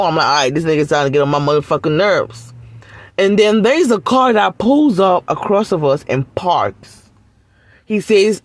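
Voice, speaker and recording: A woman's voice: fairly low pitch, animated, normal speed, dry recording. A woman telling a personal story in a casual vlog, blunt and full of swearing. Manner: blunt, profane, emphatic.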